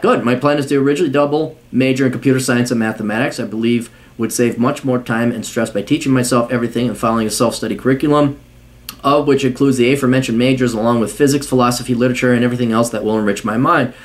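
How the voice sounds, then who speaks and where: A man's voice: mid-range voice, racing. A man reading a listener's letter aloud on his podcast and breaking off into angry, profane, scornful rants. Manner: scornful, swearing, shouting bursts.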